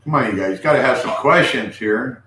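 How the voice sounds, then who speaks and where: A man's voice: mid-range voice, lively intonation, a little fast, bright, forceful tone. A man hosting a casual live stream, rambling with restarts and calling out to viewers. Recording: echoey room with faint noise.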